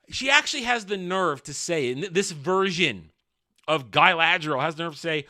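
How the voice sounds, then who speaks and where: High, bright-voiced man ranting sarcastically. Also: normal speed. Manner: sarcastic, mocking, repeats words when excited. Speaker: video reviewer. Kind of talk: ranting TV review commentary.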